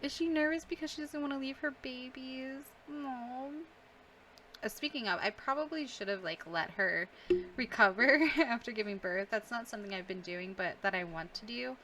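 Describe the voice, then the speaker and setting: A woman's voice: a little high, normal speed, sharp tone, slight background noise. A young woman giving casual, emotional let's-play commentary on a game, gasping, sighing and laughing as she reacts. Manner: emotional, reacting aloud with gasps, sighs and laughs. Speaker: gaming YouTuber.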